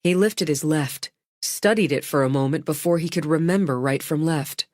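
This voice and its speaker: A woman narrating an audiobook in an even, measured way. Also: deep voice, no echo, clean studio sound. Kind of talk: scripted narration.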